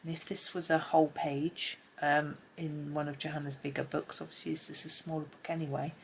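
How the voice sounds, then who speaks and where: A woman giving a casual colouring tutorial at home, chatty and rambling, often dropping into soft asides under her breath. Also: deep voice, flat delivery, fairly quick, creaky, a little hiss or hum. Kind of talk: casual colouring tutorial, talking while drawing. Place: home room with pencils scratching on paper.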